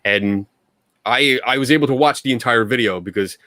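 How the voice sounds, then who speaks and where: A man's voice: medium pitch, moderate pace, sharp tone, dry recording. A man co-hosting a casual podcast chat, ranting angrily and swearing, then laughing it off. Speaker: podcast co-host.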